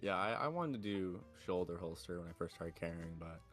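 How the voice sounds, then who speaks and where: A man co-hosting a podcast, chatting in a quick, offhand, plainspoken way. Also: low-pitched, animated, a bit bright, soft background music. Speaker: podcast co-host. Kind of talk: casual chat.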